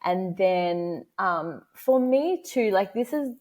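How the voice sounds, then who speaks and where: A woman's voice: mid-range voice, expressive, takes it slowly, a little mellow. A woman in her thirties, a podcast guest, chatting casually and laughing often as she acts out the people in her story. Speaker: podcast guest, motherhood educator.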